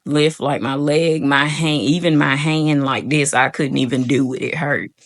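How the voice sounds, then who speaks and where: A woman's voice: low voice, steady tone, a little slow. A young woman telling a personal story to her viewers in a casual, rambling way, full of "like" and "y'all". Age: young adult. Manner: rambling, frequent "like" fillers, addresses viewers as y'all. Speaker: vlogger.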